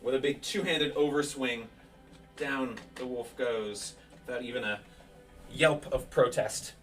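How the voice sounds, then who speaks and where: A man's voice: mid-range voice, a little slow, recorded from a distance, faint music behind. A man running a tabletop game as game master, giving a vivid play-by-play of dice rolls and attacks.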